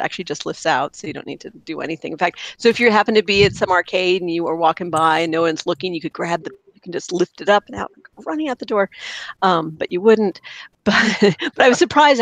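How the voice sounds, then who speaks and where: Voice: medium pitch, quick pace, fairly bright tone, no echo, low-quality recording. A podcast co-host chatting casually and enthusiastically about fixing up old arcade machines, with lots of fillers and restarts.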